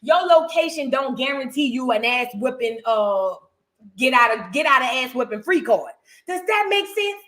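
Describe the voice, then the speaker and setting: High, bright-voiced woman reaction host. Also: normal speed. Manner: blunt, profane, animated storytelling. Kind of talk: casual reaction commentary.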